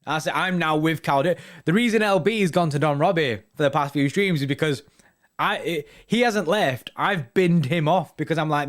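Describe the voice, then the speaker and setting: A man's voice: on the high side, moderate pace. A young man hosting a football fan live stream, chatting casually with viewers, full of slang and tags like "innit" and "you know what I mean".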